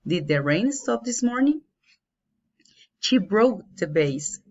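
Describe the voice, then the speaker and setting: A woman with as her teaching an English grammar lesson, slowly and carefully, spelling out each example. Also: mid-range voice, very animated. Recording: dull lo-fi home recording.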